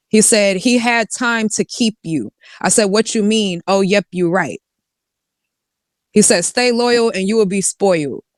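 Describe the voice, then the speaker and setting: Woman, reads chat logs aloud with side comments, smooth voice, dry close sound. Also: mid-range voice, no room sound. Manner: reads texts in quotes, with asides and swearing. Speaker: guest reading out text messages. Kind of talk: casual reading of text messages aloud.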